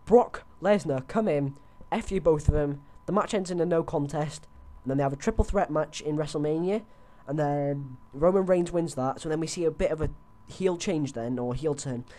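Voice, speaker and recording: A young man hosting a casual wrestling predictions chat over a headset has a warm, slightly high voice. He keeps a moderate pace with few pauses, though he restarts often and uses plenty of fillers.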